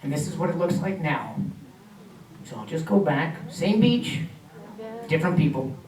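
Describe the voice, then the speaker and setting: A man's voice: a little high, big pitch swings, moderate pace, a little mellow. A man giving a community talk with slides, telling family history in a chatty way with hesitations and small laughs. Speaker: guest speaker. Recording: echoey room mic from a distance.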